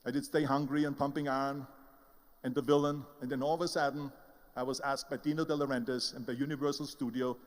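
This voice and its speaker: This older motivational speaker, Austrian German accent and all, speaks fast in a mid-range voice with flat delivery in a large hall. He emphatically recounts his story and acts out the voices of its characters.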